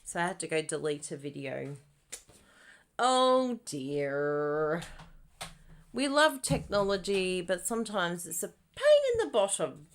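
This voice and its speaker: On a casual craft livestream, this papercraft demonstrator chats with her viewers slowly in a low-leaning, sing-song voice, with a little noise in the background. She giggles a lot and lets out excited squeals now and then.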